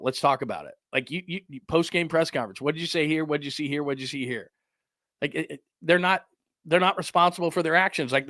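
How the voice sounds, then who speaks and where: High, bright-voiced ranting sports host. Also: male voice, no room sound, clean studio sound. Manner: heated, sarcastic ranting with mocking put-on quotes. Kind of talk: ranting sports talk show.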